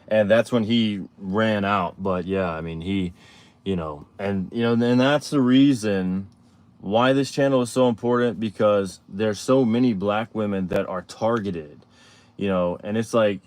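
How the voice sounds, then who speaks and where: A man hosting a live show, telling a personal story in a rambling, halting way full of fillers and restarts. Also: fairly low pitch, darkish tone. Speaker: show host. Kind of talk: casual storytelling on a live stream.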